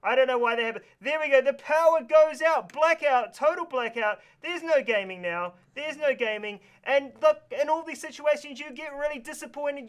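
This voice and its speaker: A man presenting a live kids' lesson from New Zealand with a New Zealand accent, excitable and full of exaggerated reactions. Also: very high-pitched, moderate pace. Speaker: kids show presenter. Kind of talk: energetic live kids lesson. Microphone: live stream mic.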